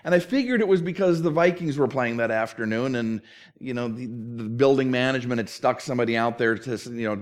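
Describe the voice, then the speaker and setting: Briskly and in a mid-range voice, a middle-aged pastor delivers a sermon. He narrates stories with animation and acts out the quotes.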